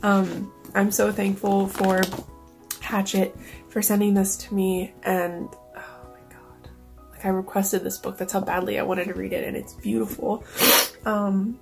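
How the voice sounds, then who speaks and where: A woman's voice: mid-range voice, little pitch movement, moderate pace, gravelly, darkish tone, faint music behind. A woman vlogger talking casually and emotionally, close to tears, with many fillers. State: near tears. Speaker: book vlogger. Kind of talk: casual vlog talk.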